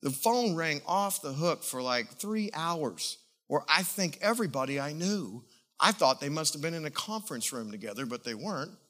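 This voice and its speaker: Bright-voiced, animated male pastor. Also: fairly high pitch, moderate pace. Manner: emotional, animated storytelling. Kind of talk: sermon with personal testimony.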